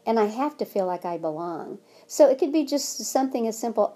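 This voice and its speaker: A woman's voice: a little high, animated, a little fast, few pauses, mellow. A woman giving child care advice in an interview, earnest and emphatic, acting out little examples as she goes. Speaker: guest, child care trainer.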